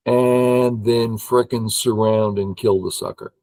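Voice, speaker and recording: An older man who teaches Go, playing a game and thinking aloud in an excitable way while humming and counting under his breath. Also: on the low side, unhurried, vocal fry, few pauses, no echo, low-quality recording.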